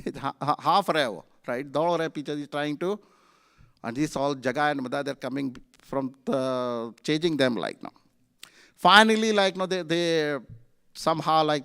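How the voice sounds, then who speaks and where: Bright, smooth-voiced man preaching. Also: fairly high pitch. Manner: conversational, many fillers, animated retelling. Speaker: temple speaker. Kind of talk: storytelling sermon. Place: temple hall.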